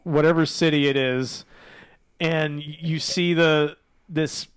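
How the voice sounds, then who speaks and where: Animated man retelling film scenes. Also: on the high side, slow pace, clear, resonant tone, no room sound. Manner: animated storyteller, retells scenes, laughs often. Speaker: podcast co-host. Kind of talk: casual movie review chat.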